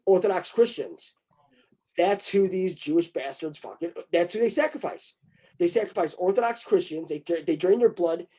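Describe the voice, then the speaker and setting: A man with a high, mellow voice talks casually with a conversation partner, crude and rambling. He throws in mocking asides and slips into put-on voices to poke fun.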